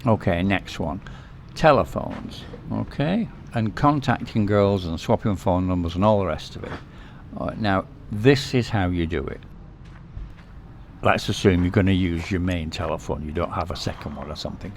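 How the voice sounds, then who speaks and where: Low-voiced man giving casual travel advice. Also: moderate pace, slight background noise. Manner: relaxed, repetitive, keeps checking in with "okay?". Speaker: vlog host. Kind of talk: casual advice talk to camera.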